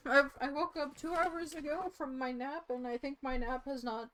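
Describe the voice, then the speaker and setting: A young woman casting a live esports match in a relaxed play-by-play, tired and yawning. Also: high-pitched, moderate pace, few pauses. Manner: sleepy, yawning, casual play-by-play. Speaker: esports caster.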